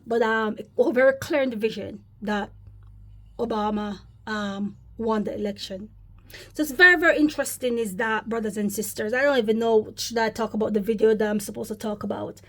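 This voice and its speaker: A religious vlogger with a fairly high, fairly bright voice speaks fairly quickly in casual, rambling commentary on faith. She often addresses her viewers as brothers and sisters.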